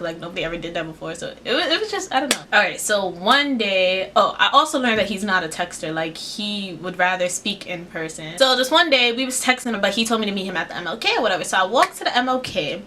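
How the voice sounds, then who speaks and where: Young woman vlogging a storytime, lots of slang, pitch jumping all over when she quotes people, bright sound. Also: a little hiss or hum. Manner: animated, acts out quotes with big pitch jumps. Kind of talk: casual storytime.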